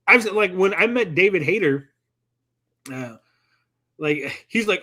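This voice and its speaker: A man's voice: sits high, lively intonation, sharp tone. A man co-hosting a livestream chat, rambling with many "like" fillers and acting out quoted people as he tells stories. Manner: acts out people in quick quoted voices. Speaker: podcast co-host.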